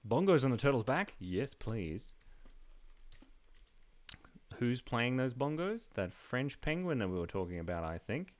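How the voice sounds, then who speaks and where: A man's voice: medium pitch, sing-song, unhurried, long pauses. A man hosting a live drawing stream, chatting casually and playfully while reading viewer comments aloud. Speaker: live-stream artist host.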